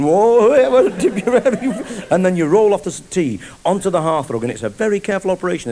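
Chatty stand-up comic on stage. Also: male voice, fairly high pitch, darkish tone. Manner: chatty, conspiratorial storytelling. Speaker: stand-up comedian. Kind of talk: live stand-up storytelling. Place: theatre stage before a live audience. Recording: noisy live broadcast with crowd.

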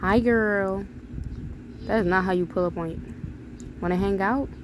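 A young woman talking loudly through a mobile game, swearing freely and reading in-game texts aloud with plenty of sass. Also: mid-range voice, fairly even intonation, moderate pace, background noise. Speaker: gamer. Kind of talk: casual gameplay commentary.

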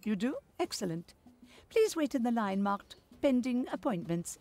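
A prim bureaucrat clerk, brisk, polite, lively pitch. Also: female voice. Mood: officious. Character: officious female bureaucrat clerk.

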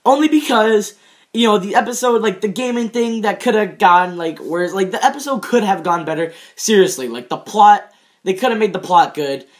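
Young male reviewer, slightly high voice, rambling casual delivery with lots of fillers. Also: moderate pace. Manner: rambling, many fillers and restarts, laughs at own jokes. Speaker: show reviewer.

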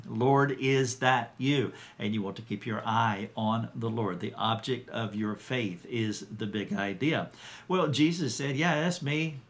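A man with a mid-range voice gives an earnest Bible teaching. He quotes scripture with emphasis and pauses to restart his sentences.

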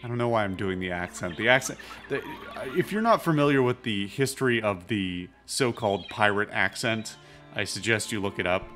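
A man's voice: fairly low pitch, animated, normal speed, fairly bright tone, faint music behind. A man giving casual, musing commentary while playing a game, swearing now and then. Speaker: let's play host.

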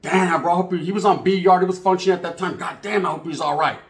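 Dude with a high voice just talking, slangy and cussing a lot, echoey room. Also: male voice, steady tone, quick pace. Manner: street-slang heavy, profane, acts out other people's voices. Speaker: channel host. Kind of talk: casual storytelling monologue.

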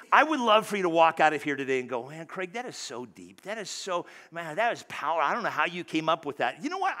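A man preaching a sermon in a church, conversational and animated, stumbling over restarts and dropping suddenly soft. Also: high voice. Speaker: pastor. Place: church sanctuary.

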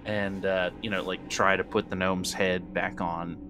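A man's voice: sits low, flat delivery, measured pace, music in the background. A man playing a tabletop horror game, casual and rambling, swearing freely. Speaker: player. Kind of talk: tabletop role-play chat.

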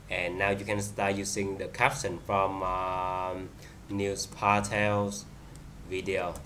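Bright-voiced man demoing software haltingly. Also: fairly low pitch, slight background noise. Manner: halting, many fillers and restarts. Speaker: software reviewer. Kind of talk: screen-recorded software demo.

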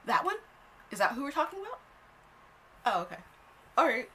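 A young woman telling a story on her own vlog in a casual, animated way, blunt and quick to swear. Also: sits high, a little hiss or hum. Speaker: storytime host.

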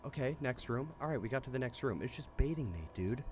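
A man's voice: medium pitch, expressive, fast. A young man playing a horror game at home in his bedroom, jumpy and self-mocking, with sudden screams at the scares. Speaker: gaming YouTuber. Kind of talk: horror gameplay commentary.

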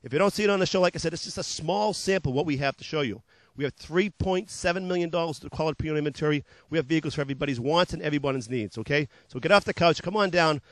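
A high-pitched man rattles off car deals in bouncy, repetitive salesman patter for a local TV ad, laughing off his own tongue slips. The sound is dry and close, with no room echo. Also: very fast.

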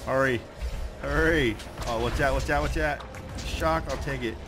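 A young man talks his way through a shooter game in a middle-pitched voice, swearing freely and trash-talking the enemies. He mutters between fights and breaks into frustrated yells when he gets knocked around. Game music plays clearly underneath him. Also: normal speed. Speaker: let's play gamer. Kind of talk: gameplay commentary. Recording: game music playing behind.

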